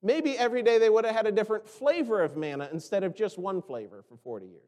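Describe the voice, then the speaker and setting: Preaching conversationally, this pastor poses rhetorical questions and acts out the complaints he quotes. His voice is high-pitched and animated, slightly mellow, and he talks fast in what sounds like a big room.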